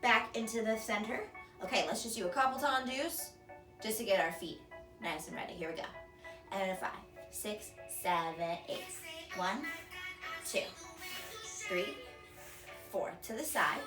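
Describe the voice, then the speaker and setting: A woman's voice: medium pitch, moderate pace, echoey room. Young woman, kids' dance teacher, encouraging, counting beats, camera far across the room, music behind. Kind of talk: upbeat kids' dance class instruction. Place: home workout room. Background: music playing.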